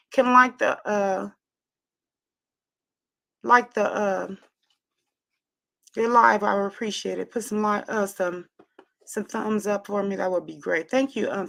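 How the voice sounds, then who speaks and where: A woman's voice: medium pitch, gravelly. Encouraging woman hosting a livestream. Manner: warm, affirming, repeats phrases, drawn-out reading of comments. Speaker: livestream host reading viewer comments. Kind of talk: casual livestream chat.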